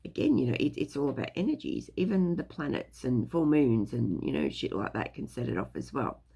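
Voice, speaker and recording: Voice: mid-range voice, sing-song, a little fast, creaky, dark tone, slightly rough. A speaker giving a casual, rambling talk on spiritual topics, full of fillers and loose swearing. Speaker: spiritual teacher.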